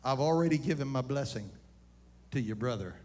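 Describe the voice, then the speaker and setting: A man's voice: medium pitch, animated, fairly quick, a little mellow, voice pushed down, lightly acted. A man voicing an old blind father in a retold Bible story. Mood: grave.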